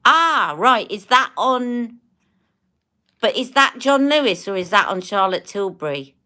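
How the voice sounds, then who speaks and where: A woman's voice: fairly high pitch, animated, unhurried, pushed and bright. A woman hosting a casual beauty livestream, chatting to viewers and demonstrating products as she talks. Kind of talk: casual live-stream chat.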